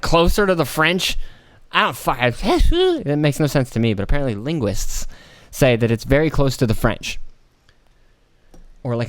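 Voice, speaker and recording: A man's voice: medium pitch, clear, resonant tone, no room sound. An American man hosting a casual solo podcast, rambling and profane, slipping into mocking put-on voices. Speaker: podcast host.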